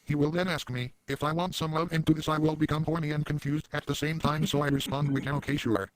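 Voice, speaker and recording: A man voicing a crude, boastful adult cartoon dad in a rambling parody monologue with sudden loud outbursts. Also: on the high side, flat delivery, quick pace, no room sound, close to an everyday voice, rough recording. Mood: brash.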